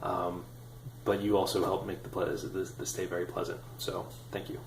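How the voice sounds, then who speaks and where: A man in his thirties telling a personal story in a casual, animated, self-deprecating way with many fillers. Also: low-pitched, moderate pace, creaky, roomy sound, a little hiss or hum, low-quality recording. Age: 30s. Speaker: vlogger.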